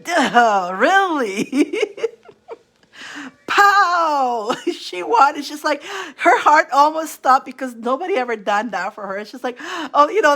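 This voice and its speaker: A woman tarot reader chatting casually to her livestream viewers, telling stories with lots of laughter and acted-out quotes. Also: high-pitched. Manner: animated storytelling, laughs often, acts out quotes. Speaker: tarot reader hosting a live stream.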